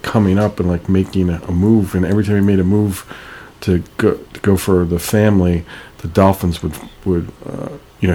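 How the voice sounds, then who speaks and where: A man's voice: deep voice, dark tone. A man co-hosting a radio show, telling long stories in a rambling way with many fillers and restarts. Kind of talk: casual radio chat.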